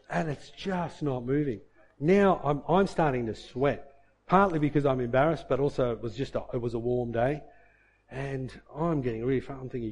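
In his sermon, a middle-aged pastor tells a personal story, now and then muttering his own grumbles to himself in a low voice. His voice is a little mellow and his pace a little fast.

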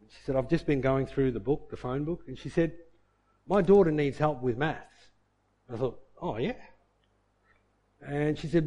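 A man's voice: a little high, unhurried, pauses often, mellow. A man preaching a sermon and telling a personal story in a conversational way, with asides to the listeners. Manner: conversational, with many restarts and asides to the congregation.

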